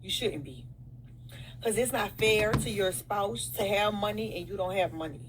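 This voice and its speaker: A woman's voice: mid-range voice, normal speed, background noise. A woman with a New Orleans accent, lecturing the camera in numbered points, bluntly, calling the listener "baby" and swearing. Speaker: social media poster.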